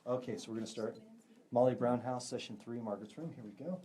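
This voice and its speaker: A man's voice: mid-range voice, quick pace, warm tone, a little hiss or hum. A man, a psychic medium, leading a live ghost hunt in a room of a historic house, upbeat and laughing easily as he talks to the spirits. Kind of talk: live event chat.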